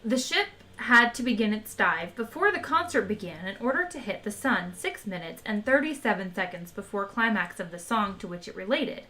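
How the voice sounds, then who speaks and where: Woman audiobook reader, livestream, lively expressive narration. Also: mid-range voice, moderate pace, hardly any pauses. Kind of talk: reading a novel aloud.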